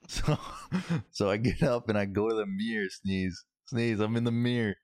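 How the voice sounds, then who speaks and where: A man's voice: on the low side, normal speed, a little mellow, no echo, clean studio sound. A young man on a podcast telling a story in rambling casual chat, swearing constantly. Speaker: podcast co-host.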